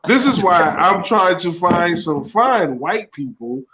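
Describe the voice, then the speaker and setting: A man's voice: high voice, animated, slow pace, pushed and bright, a little hiss or hum, poor audio. A man co-hosting a casual sports podcast, brashly rattling off his picks and swearing freely. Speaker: podcast co-host.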